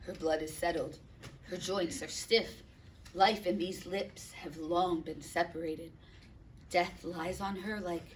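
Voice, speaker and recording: Lady reading a sad old dad lord, quiet and slow, far-off mic. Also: fairly low pitch, slight background noise. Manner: hushed, mournful, slow. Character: grief-stricken older nobleman father.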